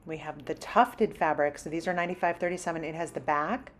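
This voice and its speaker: A woman's voice: low-pitched, fairly quick, soft background music. Chatty woman vlogging a store walkthrough. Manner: chatty, lists prices while browsing. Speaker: shopping vlogger. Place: inside a large home improvement store.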